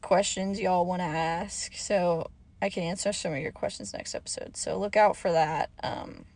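A young woman hosting her own podcast, chatting casually and rambling off topic with lots of fillers, her voice a little hoarse. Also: mid-range voice, darkish tone. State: slightly hoarse. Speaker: podcast host. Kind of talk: casual solo podcast chat.

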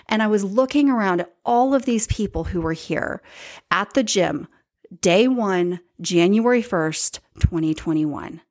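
A woman's voice: fairly high pitch, lively intonation, normal speed. Woman doing her podcast, super emphatic, says stuff twice, chats right at the viewers. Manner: emphatic and chatty, repeats key points; addresses live viewers directly. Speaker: podcast host. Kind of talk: casual solo podcast monologue.

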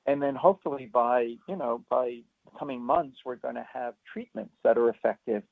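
A man speaking as a pediatrician guest, explaining parenting advice in an earnest way with lively demonstrations, calling in to a radio interview. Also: medium pitch, moderate pace, vocal fry. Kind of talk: expert interview answers. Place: remote, not in the studio. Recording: tinny phone line into a radio show.

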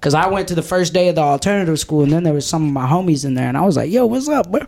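A man co-hosting a podcast, telling stories in profane, animated, slangy banter. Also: fairly high pitch, racing, creaky. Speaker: podcast co-host.

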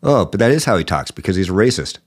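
A man's voice: sits low, very animated, fast. A man hosting a political podcast, giving indignant commentary with a sore throat. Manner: indignant, rising emphasis. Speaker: podcast host.

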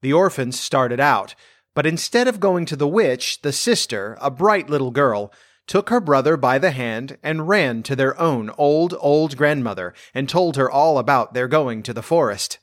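A man's voice: mid-range voice, expressive, moderate pace, dry recording, studio quality. Man reading a fairy tale aloud. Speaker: storyteller.

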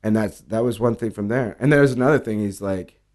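A man's voice: on the low side, brisk. Casual swearing man telling bar stories. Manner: animated storyteller, acts out quoted dialogue, swears freely. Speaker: bartender guest. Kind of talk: casual storytelling interview.

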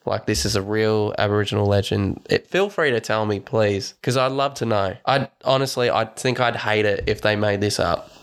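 A man co-hosting a podcast, casually recapping a horror movie in a profane, animated way, gushing over the gory parts. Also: fairly low pitch, moderate pace, few pauses, clear, resonant tone. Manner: profane, animated, enthusiastic about gore. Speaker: podcast co-host. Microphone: podcast microphone.

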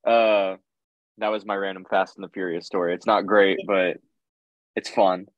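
Low-voiced man telling a joking story. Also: moderate pace, no echo, lo-fi sound. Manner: joking, deadpan asides, slangy. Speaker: podcast co-host, tattoo artist. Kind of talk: casual storytelling chat.

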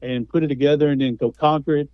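A man's voice: a little high, steady tone, fast talker, clear, resonant tone, no echo, highs cut off. A man, a guest speaker and author telling stories in a folksy, conversational way. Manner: folksy storytelling. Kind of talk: conversational interview.

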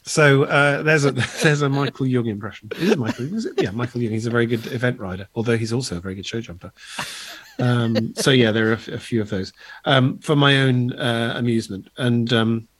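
A middle-aged man, a guest impressionist, chatting casually on a podcast, rambling fast and slipping into voices mid-sentence. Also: mid-range voice, a bit bright.

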